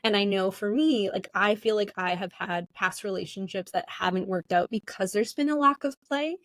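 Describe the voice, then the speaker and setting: A woman's voice: mid-range voice, normal speed, dry recording. A woman guest who runs play sessions, talking in an earnest, reflective way with many casual fillers. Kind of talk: casual conversation.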